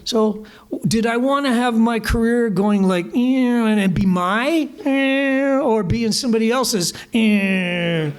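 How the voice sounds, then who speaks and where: A man's voice: extremely high pitch, normal speed. A Canadian man, a guest musician, telling anecdotes in conversation, acting out the voices of the people in his stories. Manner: animated anecdotes, acting out quoted voices, laughing. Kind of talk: storytelling conversation. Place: small live music venue.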